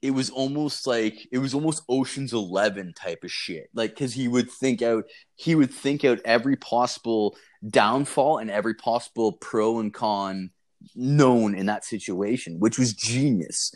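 A man's voice: mid-range voice, moderate pace, darkish tone. Swearing, rambling young man telling stories. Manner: profane, rambling, laughs through his stories. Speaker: podcast co-host. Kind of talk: casual storytelling chat.

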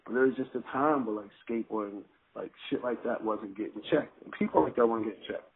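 A man's voice: on the low side, fast, breathy edge. A man chatting casually, rambling with many filler words and a lot of cursing. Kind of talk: casual chat. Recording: tinny phone-like line with faint noise.

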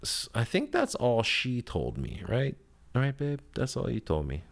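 A man hosting a podcast, telling a story in a profane, heated, rambling way, with lively swings in pitch and loudness. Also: normal speed, creaky. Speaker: podcast host. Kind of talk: casual storytelling rant.

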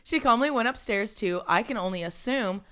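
A woman's voice: fairly high pitch, expressive, brisk, fairly bright tone. A woman co-hosting a podcast, reading a listener's email aloud with casual asides. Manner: reads aloud with running asides and laughter.

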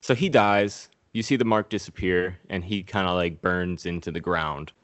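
Low-voiced man doing a crude movie recap. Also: normal speed, a bit bright, no room sound. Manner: profane, acts out characters in goofy voices. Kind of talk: casual comedic movie recap.

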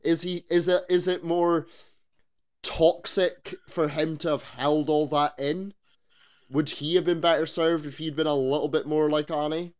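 A man co-hosting a podcast in casual chat, animated, swearing freely and asking rhetorical questions. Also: fairly high pitch, measured pace, clear, resonant tone. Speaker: podcast co-host.

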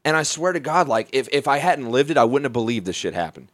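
A young man from Alabama telling a wild story in casual talk, profane and animated, often laughing. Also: mid-range voice, fast talker, dry recording, clean studio sound.

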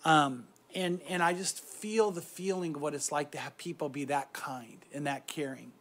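A middle-aged man giving a reflective devotional talk on meditation, soft-spoken and often trailing off quietly. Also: a little high, steady tone, normal speed. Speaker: Christian speaker guiding meditation.

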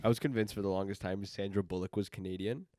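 A man with a fairly low voice talks very fast as a podcast co-host. He tells stories in an animated, casual way and swears freely. The mic is close and dry. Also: dry recording. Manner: rapid, animated storytelling with swearing. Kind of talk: casual chat.

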